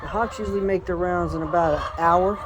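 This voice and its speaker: A woman's voice: fairly low pitch, a little fast. A woman walking around her homestead yard with a handheld camera, chatting casually and talking to her animals as she goes. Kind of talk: casual walk-and-talk vlog. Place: outdoors on a homestead yard after a storm. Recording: noisy outdoor recording.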